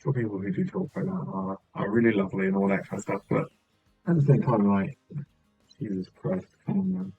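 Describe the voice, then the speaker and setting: A man's voice: mid-range voice, sing-song, brisk, vocal fry, slightly rough, dry recording, phone-quality sound, faint music behind. A man from England with a southern English accent, chatting casually as a game streamer, rambling and dotting his talk with filler sounds. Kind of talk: rambling casual chat while gaming.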